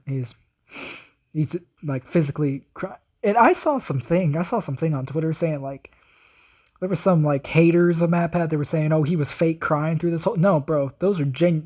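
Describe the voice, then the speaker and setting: A man's voice: a little high, normal speed, dark tone. Slangy young man hosting reactions. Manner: casual, slangy, rambling. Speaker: reaction video host. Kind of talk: casual reaction commentary.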